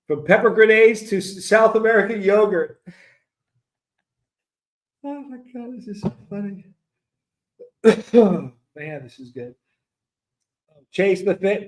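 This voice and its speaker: Giggly high-voiced man reading chat. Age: 50s. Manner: laughing often, delighted, reading comments aloud. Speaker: streamer reading chat comments. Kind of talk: casual live-stream chat.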